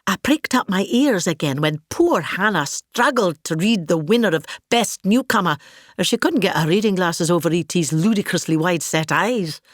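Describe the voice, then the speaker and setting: A woman's voice: fairly low pitch, expressive, normal speed, no echo, clean studio sound. A woman with a Scottish accent playing a vain, grandiose older actress in a scripted comic monologue, pompous and gossipy. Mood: grand.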